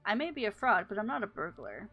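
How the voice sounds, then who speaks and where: A woman voicing a sly, flirtatious female swindler and thief as she reads game dialogue aloud, playing up a coy, innocent act with a slightly gravelly voice. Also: medium pitch, big pitch swings, fast talker, muffled recording, faint music behind. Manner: coy and theatrical, feigning innocence.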